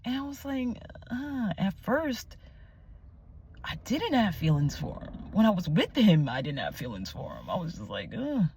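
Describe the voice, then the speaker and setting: A young woman telling her personal faith testimony in a casual vlog, animated and chatty, often dropping to a near-whisper and searching aloud for words. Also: mid-range voice, normal speed, slight background noise. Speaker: Christian vlogger sharing her testimony.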